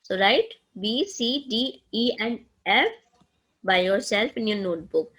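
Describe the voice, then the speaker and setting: A woman with an Indian English accent teaching a maths lesson to students, slow and deliberate, often checking in with "okay". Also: fairly high pitch, expressive, fairly bright tone, low-quality recording. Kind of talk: recorded classroom lesson.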